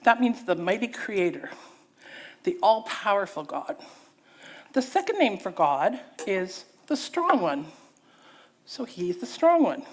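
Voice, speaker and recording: Animated woman preaching with lively pitch. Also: slow pace, pauses often. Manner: animated, theatrical, engaging the audience. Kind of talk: sermon with acted-out storytelling. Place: church.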